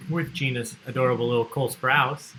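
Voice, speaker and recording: A man's voice: mid-range voice, steady tone, brisk, bright, forceful tone, slight background noise, low-quality recording. A man hosting an online trivia livestream, chatty and joking as he reads out the answers people sent in. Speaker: trivia host.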